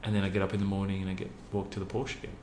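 An Australian man with a low, deep voice, earnest and hesitant, peppering his story with ums. The room is echoey, with a faint hum underneath. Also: monotone, rapid-fire, darkish tone. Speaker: interview guest, youth program founder. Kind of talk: casual storytelling in an interview.

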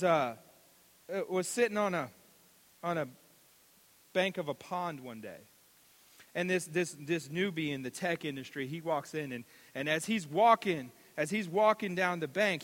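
A man preaching a sermon, animated and repetitive, acting out stories in voices. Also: sits high. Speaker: pastor. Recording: long reverb of a large hall.

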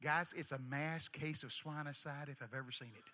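An older man preaches a lively church sermon in a voice that is high for a man and rings bright. He moves at normal speed with hardly any pauses, swinging between quiet asides and sudden shouted bursts, all carried by a long hall reverb.

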